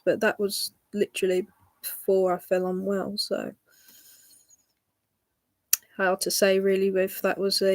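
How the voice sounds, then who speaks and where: A woman livestreaming, telling a personal story in a halting way with frequent ums. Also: medium pitch, no room sound, studio quality.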